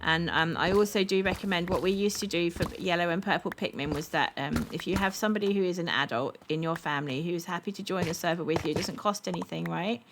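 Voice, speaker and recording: A woman from South London with a South London accent, chatting casually with her viewers while playing a game, upbeat and quick to laugh. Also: fairly low pitch, background noise. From South London, England. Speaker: streamer. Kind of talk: casual chat with live chat while gaming. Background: background music.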